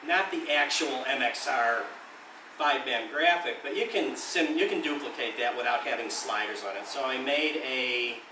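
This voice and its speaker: A man's voice: mid-range voice, moderate pace, roomy sound, recorded from a distance, background noise. A man being interviewed about an amplifier he designed, speaking casually and loosely with some mild swearing.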